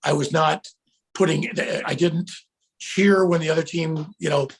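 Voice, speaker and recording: A middle-aged man, a guest actor, telling stories in a casual interview, animated and breaking into loud shouts when he acts out the cheers he led. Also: fairly high pitch, measured pace.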